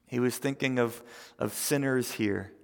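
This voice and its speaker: A male pastor giving a conversational sermon who swings between loud emphasis and near whispers, often repeating words, in a church. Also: mid-range voice, measured pace, vocal fry, big-room sound.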